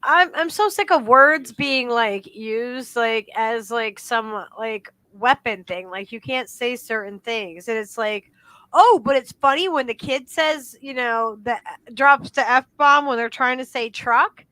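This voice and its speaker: A high, bright-voiced woman co-hosting a casual talk show, speaking bluntly and indignantly with plenty of swearing. Her voice sounds dry and close, with no room around it. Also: a little slow, no echo. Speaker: podcast co-host. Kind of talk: casual chat.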